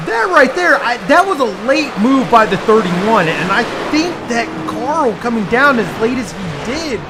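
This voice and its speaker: A man giving animated play-by-play commentary on a live sim race. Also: very high voice, a little slow, background noise.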